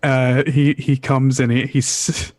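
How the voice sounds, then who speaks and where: A man's voice: mid-range voice, level tone, measured pace, darkish tone, no echo. A man narrating as game master of a tabletop game, stumbling and restarting as he describes scenes. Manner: rambling, many restarts.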